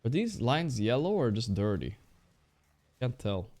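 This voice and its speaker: A male streamer chatting casually while he plays, excitable and trash-talking, swearing often. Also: mid-range voice, a little slow, soft background music. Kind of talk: casual live-stream chat while playing.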